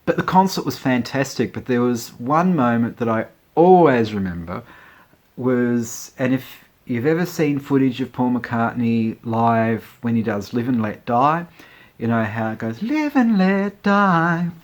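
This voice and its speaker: A man's voice: mid-range voice, unhurried, darkish tone. Rambling, amused man. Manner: rambling and amused, many fillers and asides. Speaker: vlogger. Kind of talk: casual storytelling to camera.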